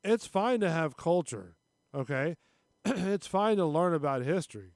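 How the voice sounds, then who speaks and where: A man co-hosting a casual podcast chat, ranting with lots of swearing and frequent throat clearing. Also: a little high, lively intonation, unhurried, a little mellow, dry recording, clean studio sound. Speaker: podcast co-host.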